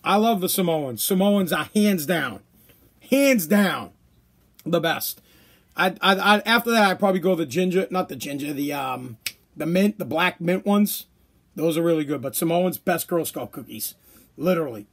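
A man's voice: on the high side, animated, normal speed, breathy edge. A man hosting a podcast, ranting casually and sarcastically with lots of swearing, his voice tired and worn out. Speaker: podcast host. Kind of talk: casual profane monologue.

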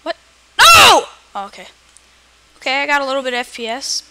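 A woman giving excitable let's play commentary, often yelling at the game. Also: sits high, brisk. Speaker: gamer. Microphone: personal computer mic.

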